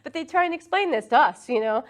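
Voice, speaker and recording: A woman leading a casual spiritual talk about breath and meditation, earnest and quick to laugh. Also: high-pitched, lively intonation. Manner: laughs often, earnest and enthusiastic.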